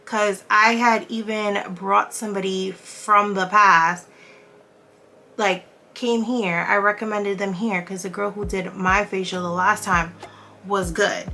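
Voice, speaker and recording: A woman beauty vlogger telling a story in a casual, animated and exasperated way while she does her makeup. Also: medium pitch, slow.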